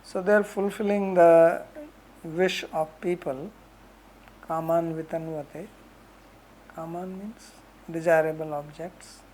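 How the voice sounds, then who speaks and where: Slow, flat-voiced woman teaching. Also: deep voice, a little hiss or hum, low-quality recording. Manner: explains slowly with homely examples and asides like "right?". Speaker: scripture teacher. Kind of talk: lecture on Sanskrit verses.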